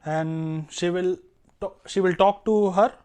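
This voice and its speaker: A man's voice: high voice, steady tone, unhurried, warm tone. Eager Indian-accented man vlogging. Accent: Indian English. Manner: eager, repetitive, encouraging. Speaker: vlog host. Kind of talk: casual vlog talk.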